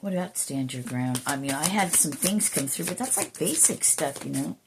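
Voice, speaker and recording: Low-voiced woman doing an emotional card reading. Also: expressive, normal speed, a little hiss or hum. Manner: emotional and earnest, drifts into soft whispers, swears casually. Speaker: intuitive card reader. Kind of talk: spiritual card reading vlog.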